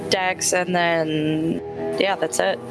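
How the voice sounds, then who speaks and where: A woman's voice: on the low side, flat delivery, takes it slowly. A woman playing a tabletop role-playing game, brash and profane, swearing freely as she describes her character's actions. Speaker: player. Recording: music playing behind.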